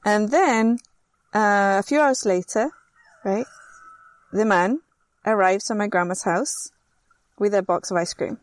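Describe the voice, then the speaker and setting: A woman's voice: medium pitch, unhurried, pauses often. A woman from Chile, telling a childhood story in casual chat and acting out the people in it. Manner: animated storyteller acting out quoted voices. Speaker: host.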